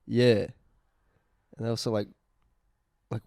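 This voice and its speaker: A man's voice: mid-range voice, big pitch swings, a little fast, a little mellow, dry recording, clean studio sound. A young Australian man co-hosting a casual podcast, with a laid-back way of talking. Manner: laid-back, says "bro" and "dude" a lot. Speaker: podcast co-host. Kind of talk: casual chat.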